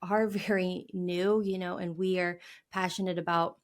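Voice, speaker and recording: A woman guest on an interview show speaks earnestly in a fairly low voice. She lets small laughs slip in as she explains. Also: little pitch movement, moderate pace. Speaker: podcast guest.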